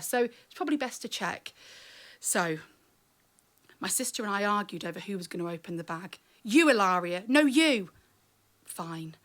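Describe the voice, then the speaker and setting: Woman doing live comic storytelling, wry, teases the crowd, slightly high voice. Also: fairly bright tone. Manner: wry, chatty, teasing the audience. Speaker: spoken word performer.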